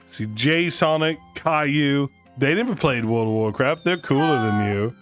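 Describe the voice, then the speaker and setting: A man's voice: medium pitch, measured pace, soft background music. A man hosting a casual livestream, joking and ranting at his chat. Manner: joking, rants and teases chat. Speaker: streamer host.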